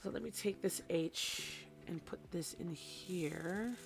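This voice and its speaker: A young woman talks through a craft session at an unhurried pace, drifting between hobby chatter and animated stories about teaching small children. She puts on playful voices when she retells what someone said. Soft music plays quietly behind her. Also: lowish voice, creaky. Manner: animated storytelling, mimics voices, chatty asides. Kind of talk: casual chat while crafting.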